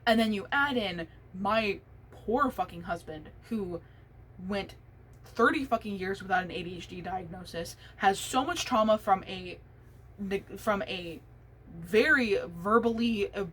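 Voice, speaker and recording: A woman's voice: medium pitch, measured pace, a bit bright, a little hiss or hum, rough recording. A young adult woman hosting a solo podcast, talking candidly in a rambling, casual way with frequent swearing. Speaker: podcast host.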